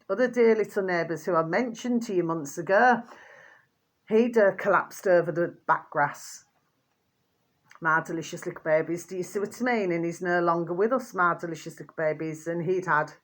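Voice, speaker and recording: A woman's voice: fairly low pitch, moderate pace. A woman vlogging in a rambling, chatty monologue, with repetitive endearing asides to her viewers and indignant outbursts between gossipy stories.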